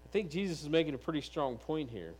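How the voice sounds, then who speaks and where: A man preaching a sermon, reading scripture aloud and voicing the figures of the text with animated delivery. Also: on the high side, fast, rough recording. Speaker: pastor.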